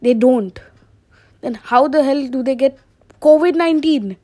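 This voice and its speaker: A young woman talks in a casual, meandering comedy monologue. She takes her time, chuckling at her own jokes and wandering off topic. Her voice sits on the higher side. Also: unhurried, mellow. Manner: rambling, laughs at own jokes. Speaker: podcaster.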